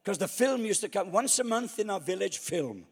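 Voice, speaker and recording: A man's voice: sits high, big pitch swings, moderate pace, slightly rough, long reverb tail. A man preaching a storytelling sermon, acting out his own past thoughts.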